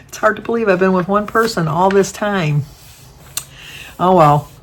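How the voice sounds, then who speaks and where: An older woman chatting at home, often singing birthday wishes and laughing as she goes. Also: mid-range voice. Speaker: vlogger. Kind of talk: casual chat with sung birthday wishes. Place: home room with windows open.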